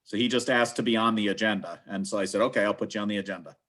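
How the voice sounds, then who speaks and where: A man chairing a town finance board, calmly explaining how an item got onto the agenda. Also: fairly low pitch, racing. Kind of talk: public meeting discussion.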